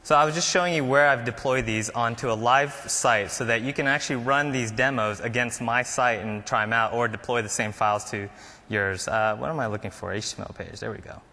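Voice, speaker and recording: A man walks a conference audience through a live code demo in a loose, chatty way, dropping fillers as he works. His voice is bright and forward. The hall adds a long reverb tail. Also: mid-range voice, fairly quick. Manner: casual, explains while typing, frequent fillers. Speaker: conference presenter. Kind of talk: live coding demo talk.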